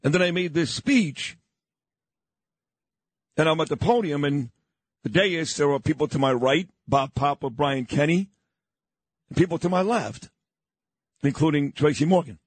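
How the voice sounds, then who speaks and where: A man's voice: on the high side, expressive, measured pace, long pauses, breathy edge, no echo. An older man from New York hosting a morning radio show, telling a story in an emphatic, boastful way.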